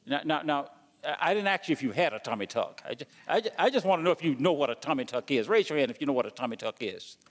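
A man's voice: a little high, lively intonation, fast, in a large hall. A man preaching a sermon as pastor, stumbling and repeating words as he goes and asking the congregation questions.

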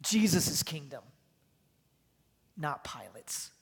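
A man's voice: fairly high pitch, sing-song, slow pace, vocal fry, slightly rough. A man preaching a sermon as pastor to his church, emphatic and driving his points home with repeated phrases. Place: church sanctuary. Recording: long hall reverb.

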